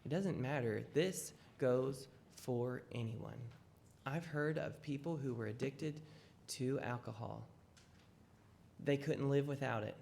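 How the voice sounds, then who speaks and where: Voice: medium pitch, takes it slowly, gravelly, darkish tone, a little hiss or hum. A children's lesson teacher telling a Bible story with dramatic, emphatic delivery.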